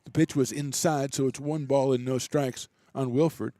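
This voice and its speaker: A man doing relaxed, chatty play-by-play commentary for a college baseball game, with self-deprecating asides. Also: mid-range voice, normal speed, dry recording. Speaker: play-by-play announcer.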